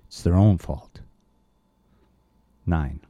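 Deep, dark-voiced preacher man. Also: extremely slow, dry recording. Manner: earnest, blunt and emphatic, reading scripture aloud. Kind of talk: verse-by-verse sermon.

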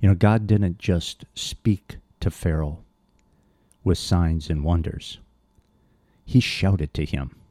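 A man's voice: sits low, takes it slowly, dark tone, no room sound. A man preaching a verse-by-verse sermon, earnest and blunt, reading scripture aloud and pressing his points with emphasis.

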